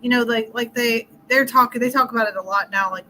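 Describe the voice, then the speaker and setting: A woman's voice: a little high, a little fast, sharp tone, a little hiss or hum, low-quality recording. A middle-aged woman relationship coach talking casually in an interview, explaining with everyday scenarios and laughing often.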